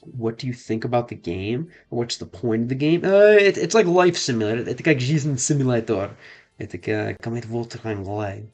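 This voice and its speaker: Faint music sits behind a man from the United States whose medium-pitched voice has lively intonation and a darkish tone. Chatting casually while he streams a game and learns French, he speaks haltingly, testing phrases and often repeating them.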